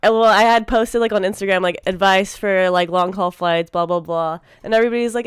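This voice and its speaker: Twenties American woman, co-host, very smooth voice, dry close sound, easygoing and a bit teasing. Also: medium pitch, fairly quick, hardly any pauses, no echo. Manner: teasing, chatty and relaxed. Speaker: podcast co-host. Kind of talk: casual chat.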